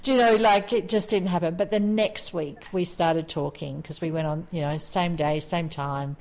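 There's slight background noise as a podcast co-host, an Australian woman in her forties, chats her way through a wandering story with frequent laughs. She talks at normal speed in a fairly low, steady voice with a darkish tone.

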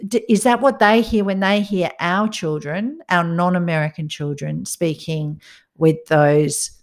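A middle-aged woman hosting a podcast, telling stories in a lively way and laughing often. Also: lowish voice, measured pace. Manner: lively, laughing, animated storyteller. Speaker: podcast host. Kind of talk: casual chat.

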